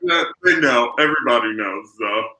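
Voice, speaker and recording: A man's voice: medium pitch, expressive, normal speed, a crowd in the background. A man hosting a casual chat on a video call, campy, with lots of filler uhs and casual swearing. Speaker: podcast host. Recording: echoey room.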